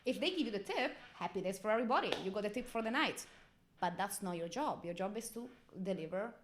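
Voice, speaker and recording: A woman's voice: medium pitch, fast, background noise. A young woman, a model, talking in a casual interview and acting out quoted dialogue. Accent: non-American foreign accent. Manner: animated, acts out quoted dialogue. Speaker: guest model.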